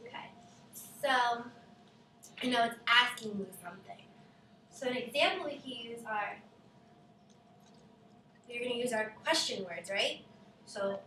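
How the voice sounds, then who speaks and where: A woman teaching a class of children, speaking slowly and emphatically and often checking in with "right?". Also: on the high side, lively intonation, bright, forceful tone, slight background noise. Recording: echoey classroom from far off.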